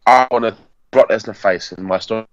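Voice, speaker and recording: A man's voice: fairly low pitch, brisk, dry recording, highs cut off. A man, hosting a podcast and chatting casually as he rambles through a story and corrects himself along the way. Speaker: podcast host. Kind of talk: casual fantasy-booking chat.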